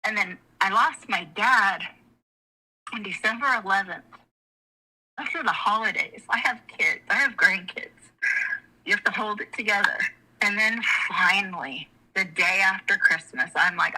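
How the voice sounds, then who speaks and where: Bright-voiced woman, frank and rambling. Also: medium pitch, animated, measured pace, husky, rough recording. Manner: frank and emotional, rambling with restarts. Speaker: guest. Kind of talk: candid personal storytelling in conversation.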